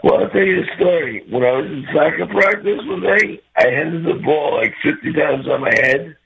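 A man calling in to a radio show, rambling and halting as he loses his words, heard over a muffled phone line. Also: on the high side, creaky, background noise. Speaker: caller. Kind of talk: call-in chat.

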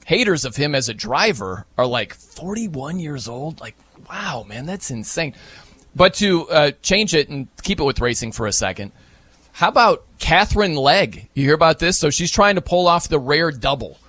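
A man hosting casual sports talk, animated, often laughing and jumping higher for emphasis. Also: normal speed.

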